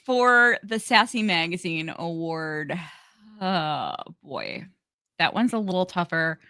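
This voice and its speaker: Bright, giggly woman co-hosting a podcast. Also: fairly low pitch, very animated, clean tone, no echo, studio quality. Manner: giggly, halting, many restarts. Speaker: podcast co-host. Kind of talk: casual podcast chat.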